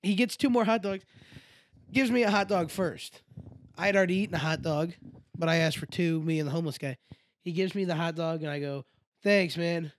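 A man's voice: fairly high pitch, a little fast, no room sound. A young man co-hosting a podcast, telling a rambling, crude anecdote and acting out the quotes. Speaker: podcast co-host. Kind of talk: casual storytelling chat.

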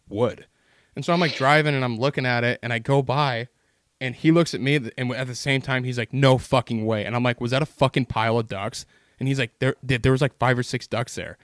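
A man's voice: medium pitch, fairly bright tone, no room sound, clean studio sound. A man telling long, rambling stories in casual podcast chat, swearing constantly as he goes.

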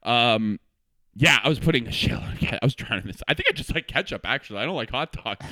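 A man's voice: medium pitch, moderate pace, dry recording, clean studio sound. A man in his twenties co-hosting a casual podcast chat, telling stories animatedly, laughing often and acting out what others said. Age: 20s. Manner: animated storyteller, laughs often, acts out quotes. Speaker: podcast co-host.

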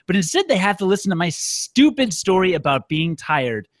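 A man's voice: sits high, big pitch swings, normal speed, dry recording. A man hosting a podcast, chatting casually and telling self-deprecating stories. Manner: dry, self-deprecating storytelling. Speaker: podcast host. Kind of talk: casual chat. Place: Chicago.

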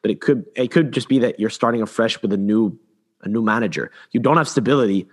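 A man's voice: fairly low pitch, fast. A man co-hosting a football podcast in casual chat, opinionated and rambling, often repeating words and restarting his sentences. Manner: opinionated, animated. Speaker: podcast co-host.

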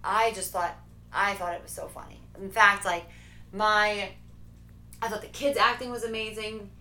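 A woman chatting casually about movies, animated and laughing often. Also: medium pitch, moderate pace. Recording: echoey room with faint noise.

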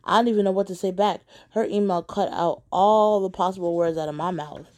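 A woman telling a personal story to the camera in candid storytime narration, blunt, with sharp rhetorical asides. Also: mid-range voice, a little fast. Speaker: vlogger.

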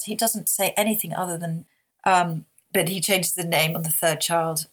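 A woman in her forties giving a personal testimony, talking in a halting way with restarts and searching pauses. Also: fairly low pitch, steady tone. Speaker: storyteller sharing a personal testimony.

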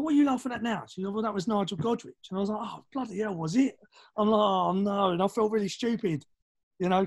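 Man, London accent, higher-pitched voice, casual podcast storytelling, animated, acts out other people's voices. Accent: London English. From East London, England. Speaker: podcast guest, drummer.

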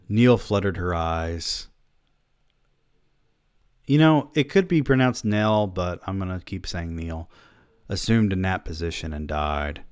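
A man's voice: low-pitched, dry recording. A man reading a story aloud who keeps breaking off to mock himself in sardonic comic asides. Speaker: reader of a story.

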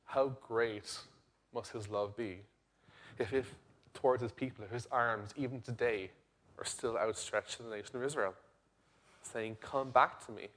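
A young adult man, a pastor preaching a sermon in an earnest way, rising to loud emphasis and dropping to quiet intensity. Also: medium pitch, fairly even intonation, unhurried, long pauses.

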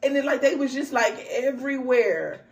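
Speaking at normal speed with a high, vocal-fry voice, a young spiritual podcast host tells a story about a dream. Lots of slang, laughter, and frequent exclamations keep it lively, and she follows with a card reading.

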